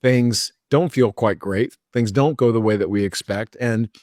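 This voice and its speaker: A man's voice: fairly low pitch, measured pace, a little mellow, dry recording. Affirming male podcast host, dry sound. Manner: enthusiastic, affirming reactions. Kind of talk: podcast interview.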